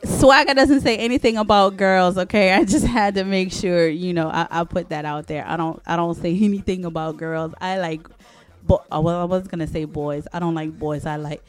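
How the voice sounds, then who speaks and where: A woman's voice: on the low side, steady tone, moderate pace. Chatty woman radio countdown host. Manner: chatty, rambling, corrects herself on air. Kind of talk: casual radio DJ chat.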